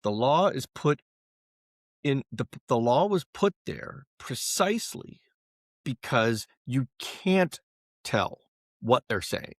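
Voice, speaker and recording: A man with a mid-pitched voice co-hosts a soccer podcast. He argues his points with lively emphasis and acts out quotes along the way. His voice sounds dry and close to the mic. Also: slow pace, dry recording. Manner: teasing, animated, acts out quotes. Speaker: podcast co-host. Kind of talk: casual soccer chat.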